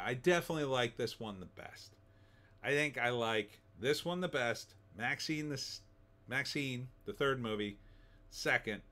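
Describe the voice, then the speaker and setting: Bright-voiced chatty male film reviewer. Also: mid-range voice. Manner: chatty, rambling, with fillers and restarts. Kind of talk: casual spoken movie review.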